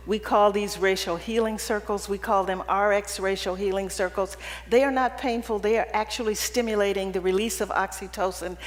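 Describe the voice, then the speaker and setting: A woman with a mid-range voice gives a keynote address to an audience in an event hall. She tells personal stories humorously and conversationally, often checking in with "right?". Long hall reverb colors the recording.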